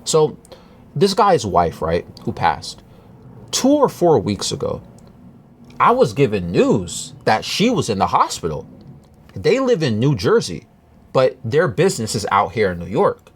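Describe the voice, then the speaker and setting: A man telling a personal story to camera in a halting, earnest way, with many restarts and fillers. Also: mid-range voice, wildly swooping pitch, slightly rough. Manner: earnest, confiding. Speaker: vlogger.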